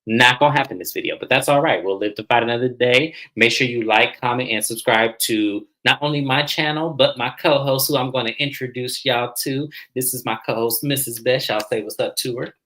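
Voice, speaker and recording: A man's voice: mid-range voice, fairly quick, few pauses, pushed and bright, low-quality recording. Guy doing a chatty tv recap, dramatic, lots of y'all. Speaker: host. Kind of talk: casual TV recap commentary.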